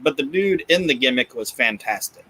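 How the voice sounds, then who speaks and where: Bright-voiced man chatting casually. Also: medium pitch, lively intonation, moderate pace, a little hiss or hum, rough recording. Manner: swears freely, laughs often. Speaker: podcast co-host. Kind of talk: casual chat recapping wrestling.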